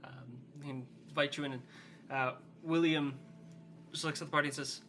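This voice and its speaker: A man's voice: a little high, steady tone, moderate pace, fairly bright tone, slight background noise. A man narrating as game master in a rambling, filler-heavy way.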